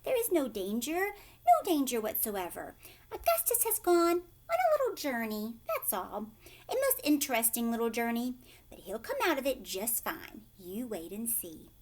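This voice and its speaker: A woman reading aloud, voicing an eccentric, giggling male chocolate maker who speaks in a playful, often hushed and breathy way. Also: a little high, very animated, normal speed.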